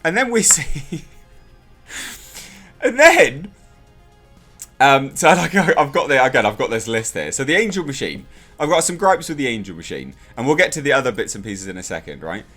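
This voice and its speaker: A young man giving a casual, exasperated spoken review of a TV episode, ranting in an animated way. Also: mid-range voice, brisk, soft background music.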